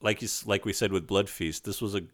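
A man co-hosting a casual movie podcast, an animated storyteller who quotes scenes and laughs easily. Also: fairly low pitch, fast talker. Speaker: podcast co-host. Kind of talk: casual movie review chat.

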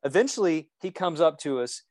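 A man co-hosting a podcast, telling an anecdote in a steady, wry way. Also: fairly high pitch, a little fast, no room sound. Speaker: podcast co-host. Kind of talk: casual podcast storytelling.

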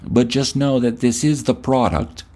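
A man's voice: mid-range voice, steady tone, a little slow, mellow. A male podcast host delivering a blunt, profane, scolding rant at the listener. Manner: blunt, scolding, heavy swearing.

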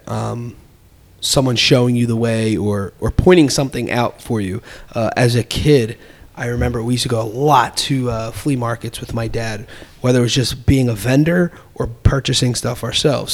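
A middle-aged man telling a personal story in casual conversation, animated and laughing as he acts out quoted voices. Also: mid-range voice, moderate pace.

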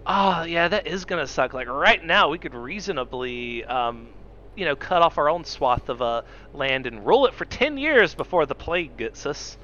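Cynical guy cohosting a podcast, really animated, bright edgy voice, muffled audio w/ a bit of hiss. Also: fairly high pitch, normal speed. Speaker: podcast co-host. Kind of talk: casual profane banter. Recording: dull lo-fi audio with faint background noise.

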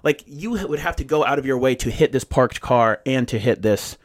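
A man's voice: medium pitch, a little fast. A man casually telling a long story, swearing freely and acting out what people said. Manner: profane, animated storytelling with acted-out quotes. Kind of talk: casual chat.

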